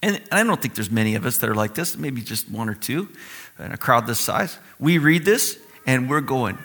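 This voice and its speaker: A man preaching a sermon in a conversational, animated way, acting out the voices he quotes. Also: mid-range voice, normal speed. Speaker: pastor.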